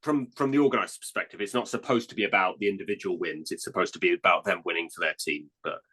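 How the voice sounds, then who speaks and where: A man guesting on a podcast, casually giving quick, opinionated explanations as a reviewer. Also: sits low, pushed and bright, slightly rough. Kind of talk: casual chat.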